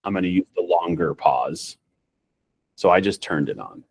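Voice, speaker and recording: A man's voice: deep voice, moderate pace, vocal fry, slightly rough. Chatty man giving a training demo. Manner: chatty, rambling, many fillers and restarts. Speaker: nurse practitioner and trainer. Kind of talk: casual screen-share training talk. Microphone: video call.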